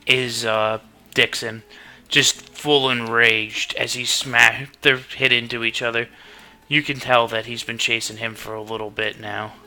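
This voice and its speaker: A man's voice: mid-range voice, gravelly, pushed and bright. A man narrating as game master in a tabletop game, telling the scene in a loose, swearing way.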